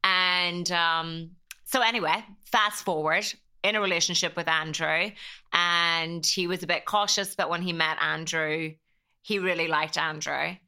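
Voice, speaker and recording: Speaking unhurriedly in a fairly low, bright, forceful, clean voice with fairly even intonation, a thirtysomething woman from Ireland chats as a podcast guest. She rambles, says "like" a lot, and gets openly emotional during the casual interview.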